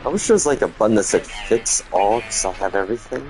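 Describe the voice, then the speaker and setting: A man giving low-key, casual commentary while playing a video game on stream, muttering to himself as he goes. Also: expressive, quick pace, darkish tone, soft background music. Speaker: gaming streamer.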